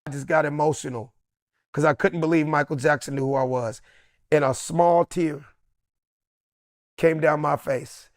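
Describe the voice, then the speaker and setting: A man telling an animated anecdote as a podcast guest, acting out the people in his story with changed voices. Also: fairly high pitch, normal speed, long pauses, no echo, clean studio sound. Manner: acts out each person in the story with changed voices.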